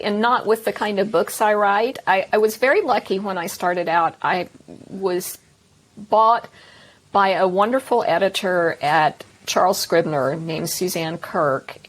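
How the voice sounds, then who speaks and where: Slightly husky Texan woman author. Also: medium pitch. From Texas, north of Dallas. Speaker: author guest. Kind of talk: interview answers.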